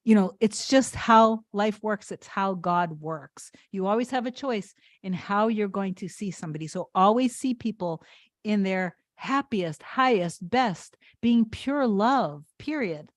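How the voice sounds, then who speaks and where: A woman's voice: medium pitch, lively intonation, measured pace, no room sound, clean studio sound. A woman manifestation coach chatting on a live stream, earnest and emotional, reading viewer comments aloud. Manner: emotional, warm-hearted.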